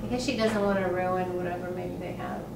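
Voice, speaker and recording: A woman's voice: on the low side, fairly even intonation, fairly quick, gravelly. A woman acting student answering her coach in class, hesitant and thinking aloud. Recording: echoey room, distant mic, background noise.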